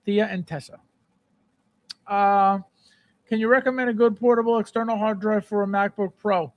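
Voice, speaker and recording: A man with a high, bright speaking voice hosts a casual live stream and chats loosely with viewers. He talks in an animated way, says the same phrases again and again, and breaks into playful shouted bits. The sound is dry and close to the mic. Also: normal speed, no room sound, muffled recording. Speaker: livestream host. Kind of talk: casual live chat reading viewer comments.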